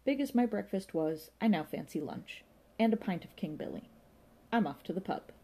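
A woman's voice: medium pitch, expressive, moderate pace, warm tone, pitched above the performer's own voice. A woman reading an audiobook voices Johnny, a genteel, unflappable man who speaks in a languid, airy, well-spoken way. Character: genteel, unflappable young man about town.

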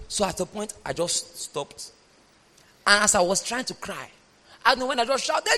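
A man preaching a sermon, reading scripture aloud and speaking emphatically, at times shouting. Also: high-pitched, animated, moderate pace, background noise. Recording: long hall reverb.

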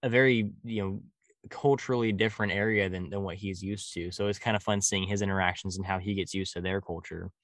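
A man's voice: deep voice, fairly even intonation, brisk, no room sound, studio quality. Rambling man with a slight country drawl. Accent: rural Californian, slight country drawl. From California. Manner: rambling, many fillers and restarts. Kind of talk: casual conversation.

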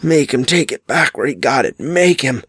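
A man's voice: mid-range voice, lively intonation, normal speed, fairly bright tone, husky, no echo, studio quality, voice pushed up. A man voicing a terrified villain who whines and wails. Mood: whining. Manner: whining, wailing. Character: terrified dark man, once menacing, now whining.

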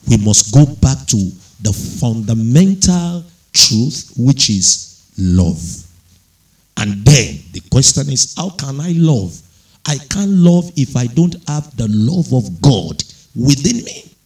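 A man preaches a sermon in an unhurried, deliberate way. His voice has a gravelly edge and a steady middle pitch. He leans into key words and lets his delivery climb into raised, fervent emphasis. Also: low-quality recording. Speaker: pastor.

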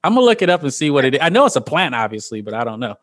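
A woman in her thirties, a podcast guest telling stories in casual chat, animated and profane, laughing often. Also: a bass voice, very fast. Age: 30s.

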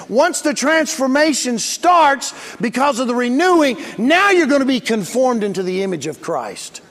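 This pastor is very animated, his strikingly high voice a bit bright and his pace moderate. Preaching emphatically and plainly, he calls for responses from the congregation and hits key words hard, with the long reverb of a large church sanctuary around him.

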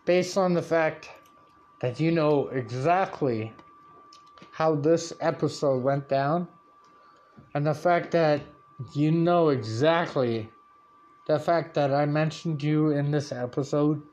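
A man's voice: fairly high pitch, slow pace, long pauses. Foul-mouthed man ranting. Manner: swears constantly, animated and rant-like. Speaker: podcast host. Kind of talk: profane rambling storytelling.

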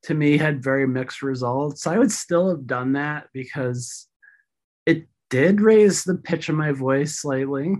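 A woman with a deeper feminine voice, speaking as a guest on a podcast. She talks in a relaxed, candid way, open and frank, with a casual curse now and then. Her delivery is conversational and unscripted. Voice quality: deep feminine voice. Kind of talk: casual chat.

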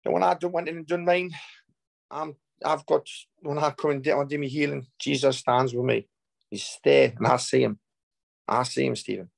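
A man's voice: medium pitch, steady tone, normal speed, dry recording, poor audio. A man, a healer telling a story as the guest, rambling with repeats and broken restarts. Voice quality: gravelly. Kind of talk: emotional storytelling.

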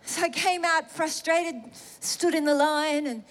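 A middle-aged woman telling a personal testimony in a sermon, animated and self-mocking, laughing through emotional moments. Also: high-pitched, a little slow, hardly any pauses. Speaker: preacher sharing a testimony.

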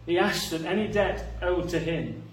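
A man preaching a sermon, earnest, moving between quiet reflective passages and rising emphasis. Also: high-pitched, normal speed, slight background noise. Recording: echoey room, voice a bit far from the mic.

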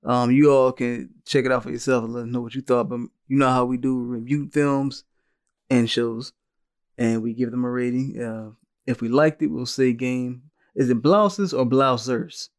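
A man's voice: mid-range voice, steady tone, normal speed. A man hosting a podcast in casual chat, rambling in an easygoing way. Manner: easygoing, rambling with fillers and restarts. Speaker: podcast host.

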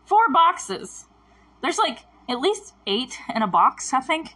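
A woman's voice: high voice, sing-song, normal speed, bright, forceful tone, breathy edge. A woman giving a casual, emotional reaction commentary, rambling with sighs and stammered restarts. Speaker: show reviewer.

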